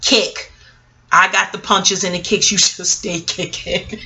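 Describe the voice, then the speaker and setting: A woman, telling a personal story in a casual vlog. She talks in an animated, profane, slangy way. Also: unhurried, vocal fry. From Queens, New York. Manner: animated, profane, street slang, jumps up in pitch for quoted voices. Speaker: vlogger.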